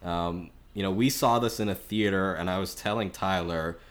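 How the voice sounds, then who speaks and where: A man co-hosting a film podcast, talking through his opinions in a chatty, measured way with lots of filler words. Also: sits low. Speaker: podcast co-host. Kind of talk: casual film review chat.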